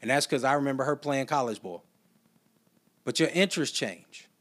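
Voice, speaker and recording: A man's voice: medium pitch, moderate pace, a bit bright. A man hosting a casual solo podcast, telling stories in a loose, chatty way with slang and asides. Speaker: podcast host.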